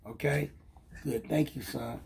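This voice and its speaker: A man's voice: mid-range voice, unhurried, gravelly, a little mellow, slight background noise. An older man hosting a casual vlog, teasing and joking in a folksy, playful way with his grandson. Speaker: vlog host. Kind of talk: casual live chat with grandson.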